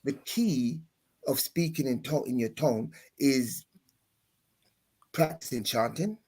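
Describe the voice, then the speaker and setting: A man, a pastor guest on a panel, explaining in a halting conversational way with many restarts and sung demonstrations. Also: mid-range voice, darkish tone, slightly rough.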